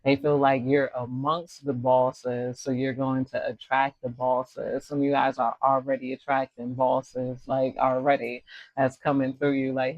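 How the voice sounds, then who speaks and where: A man's voice: medium pitch, little pitch movement, measured pace, no echo, dull audio. A man with an American accent giving a casual, rambling tarot reading, full of slang and asides. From United States. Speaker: tarot reader.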